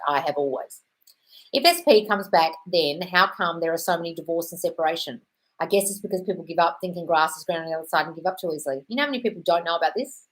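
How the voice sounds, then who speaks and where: A young British woman hosting a casual live Q&A, blunt and swearing freely, calling listeners darling. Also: low voice. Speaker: host answering viewer questions.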